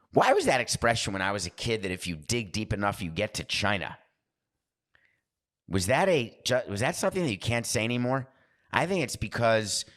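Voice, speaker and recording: A man's voice: on the low side, fairly bright tone. A man hosting a podcast, talking in a rambling, digressive monologue that keeps interrupting itself. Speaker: podcast host. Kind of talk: casual monologue.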